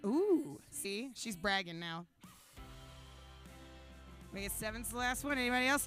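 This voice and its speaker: Woman hosting a charity auction, playful, drawn-out calls, faint music behind. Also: on the high side, expressive, a bit bright. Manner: playful, hypes the crowd, drawls out the bids. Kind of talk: live event hosting. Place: brewery event stage.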